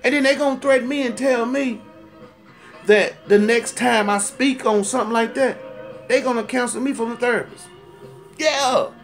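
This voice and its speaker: Heated, high-pitched profane ranting man. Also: moderate pace, faint music behind. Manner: profane, heated and rambling, repeats himself for emphasis; animated, rising to loud indignant outbursts. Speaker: storyteller ranting to camera. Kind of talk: comic rant monologue.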